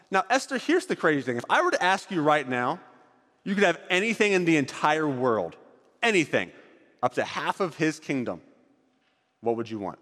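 Man, youth pastor, acted-out Bible story, slightly high voice, long hall reverb. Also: moderate pace. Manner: animated, directing volunteers on stage.

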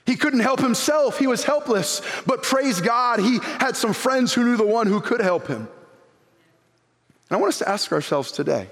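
A man preaching an animated sermon as pastor, reading scripture aloud and acting out the people in it. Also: very high voice, moderate pace. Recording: long hall reverb.

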